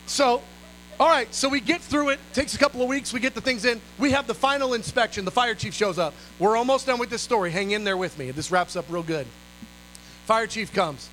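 A man's voice: very high voice, brisk, slight background noise, low-quality recording. A man who leads a ministry, telling an exclamatory story from the pulpit and acting out the voices. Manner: animated, exclamatory, acts out voices. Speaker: ministry leader. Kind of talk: storytelling sermon.

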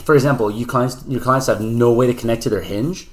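A man talks fast in a relaxed podcast conversation about training. He is a personal trainer, and he runs his sentences together with plenty of fillers and restarts. His pitch sits in an ordinary middle range. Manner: fast, loose talk full of "like" and restarts. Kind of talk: casual podcast chat.

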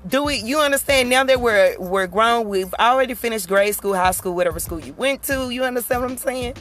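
A woman talks through a casual solo podcast in a middle-pitched voice. She keeps checking in with her listeners through rhetorical asides. Faint music plays softly behind her. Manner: conversational, rhetorical asides like "you understand?". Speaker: podcast host.

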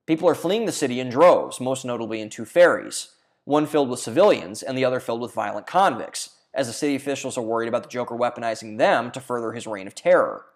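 A man's voice: mid-range voice, expressive, fast. A man narrating a scripted video essay in an earnest reading manner, now and then stumbling and restarting a phrase.

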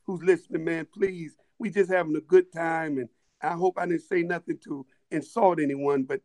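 A man telling stories in a casual chat, animated, with many restarts and laughing asides. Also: on the high side, moderate pace. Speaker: guest storyteller.

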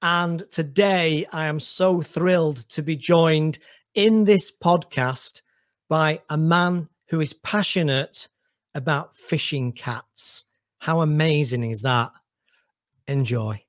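A man's voice: fairly high pitch, slow, no echo, clean studio sound. A man hosting a podcast interview, chatty and upbeat in a casual conversation. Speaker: podcast host.

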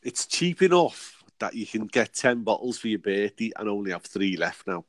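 A man's voice: on the low side, big pitch swings, moderate pace, dry recording. A man co-hosting a casual chat, trading crude jokes and laughing often over a remote call. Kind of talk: casual banter.

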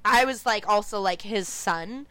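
A woman's voice: mid-range voice, measured pace, fairly bright tone. A young woman on a remote call, casually and candidly telling a personal story, swearing freely and acting out what others said. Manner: candid, swears freely, acts out quoted voices. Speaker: podcast guest.

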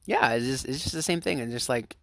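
A man's voice: medium pitch, expressive, fairly quick, creaky, fairly bright tone, no room sound. A young man co-hosting a casual podcast, blunt and swearing freely, laughing often, recorded on a handheld phone. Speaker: podcast co-host. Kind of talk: casual chat. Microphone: phone held in hand. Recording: phone recording, faint noise.

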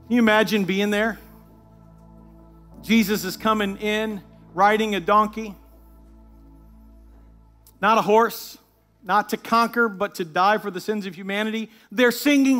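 A man's voice: high voice, steady tone, takes it slowly, pauses often, a bit bright, soft background music. A man serving as lead pastor, praying and then preaching a sermon in church with an emphatic delivery that builds as he goes. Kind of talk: sermon with opening prayer.

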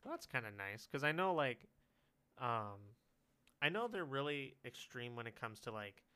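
A man co-hosting a casual podcast, talking in a loose, rambling way and breaking into giggles. His voice is smooth and resonant, pitched in a middle range. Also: big pitch swings, moderate pace, sharp tone. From California. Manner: giggly, rambling storyteller, laughs often. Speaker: podcast co-host.

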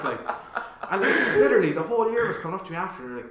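A young Irish man telling stories in casual chat, animated and swearing often, with plenty of "like" fillers. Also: a little high, rapid-fire, a crowd in the background. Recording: roomy echo.

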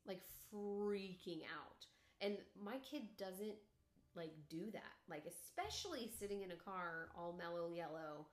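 A middle-aged woman, a podcast co-host, chatting casually and telling stories with lively acted-out quotes. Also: lowish voice, measured pace. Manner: animated storyteller, acts out quotes loudly. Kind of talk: casual chat. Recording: echoey room.

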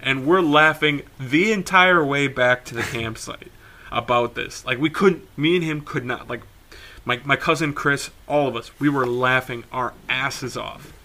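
A young man, one of a podcast's co-hosts, narrates a story in relaxed conversation with animated energy, plenty of cursing, and frequent laughter. He speaks at a medium pitch and a slightly slow pace.

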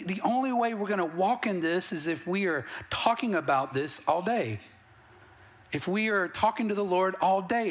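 A middle-aged male pastor preaching a sermon in a church, his voice sitting on the higher side for a man. He tells stories in a plain, conversational way, then builds into rising bursts of emphasis. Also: a bit bright. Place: church sanctuary.

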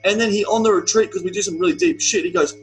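Talking fast in a high-sitting voice, this young retreat coach swears freely and tells blunt, forceful stories during a podcast conversation. The audio is low quality with slight background noise.

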